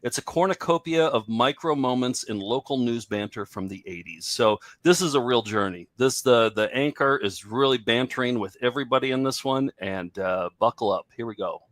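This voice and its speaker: A man's voice: medium pitch, expressive, moderate pace, hardly any pauses, fairly bright tone, no echo, studio quality. A man hosting a casual comedy podcast, chatting, laughing and introducing clips. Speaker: host.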